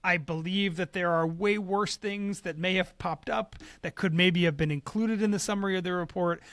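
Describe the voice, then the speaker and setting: A man co-hosting a sports business podcast, laying out his views in a measured, analytical way. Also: high-pitched, fairly even intonation, fairly bright tone, smooth, dry recording. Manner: measured, analytical, some hesitations. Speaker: podcast co-host. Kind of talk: casual sports business chat.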